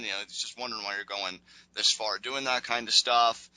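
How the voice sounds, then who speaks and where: A man with a strikingly bright voice hosts a casual podcast recap, rambling along with lots of fillers. He acts out other people's lines as he goes. The sound is dry and close. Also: mid-range voice, fairly even intonation, a little fast, no echo, rough recording. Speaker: podcast host recapping wrestling.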